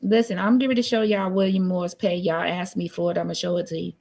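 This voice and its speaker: A woman's voice: fairly low pitch, level tone, quick pace, creaky, darkish tone. Woman streamer, casual sassy commentary, blunt and teasing, computer mic. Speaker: live stream host. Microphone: computer mic on a live stream.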